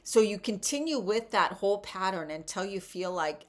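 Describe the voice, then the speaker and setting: Middle-aged female wellness coach, fairly low voice, relaxed encouraging teacher who keeps checking in. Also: moderate pace, few pauses. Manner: conversational, encouraging, checks in with "right?". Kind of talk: casual guided teaching.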